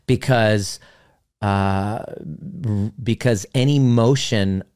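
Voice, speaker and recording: A man's voice: on the low side, a little mellow. A man who works as a relationship coach, talking casually and animatedly, acting out his clients' voices now and then. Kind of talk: casual teaching talk.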